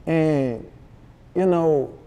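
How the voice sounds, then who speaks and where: A man with a Memphis accent, a rapper telling a story in a casual interview, animated and full of slang, acting out what others said. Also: on the high side, drawn-out words, clear, resonant tone. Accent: Southern US, Memphis. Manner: animated, slangy, acts out quoted dialogue. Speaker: rapper guest.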